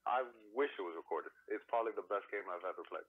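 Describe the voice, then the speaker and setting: A man who is a guest on a podcast, chatting in a relaxed, friendly and slightly halting way. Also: deep voice, slightly rough, dry recording, phone-quality sound. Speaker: guest card player. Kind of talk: casual podcast chat.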